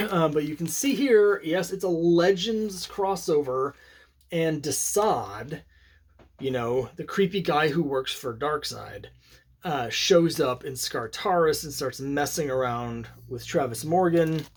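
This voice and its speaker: A man's voice: a little high, takes it slowly. A man casually talking through his comic collection, rambling and opinionated, with many fillers and restarts. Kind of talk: casual solo commentary.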